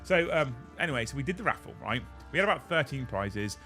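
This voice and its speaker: A man hosting a casual chat, telling an animated story and swearing freely. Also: medium pitch, fairly quick, few pauses, faint music behind. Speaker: host.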